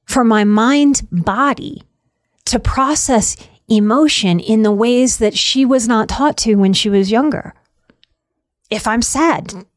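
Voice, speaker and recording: A woman's voice: fairly high pitch, no echo, studio quality. A middle-aged woman hosting a reflective talk on anxiety, speaking earnestly with repeated emphasis and the odd "y'all". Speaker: podcast host on anxiety.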